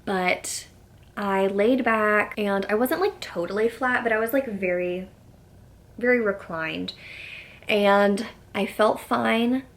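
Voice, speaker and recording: A woman's voice: medium pitch, slow. A young woman vlogger casually telling a personal story to camera, chatty and filling her talk with "like", sometimes dropping to a whisper when quoting herself. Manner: chatty, says "like" often, quotes herself in soft whispers.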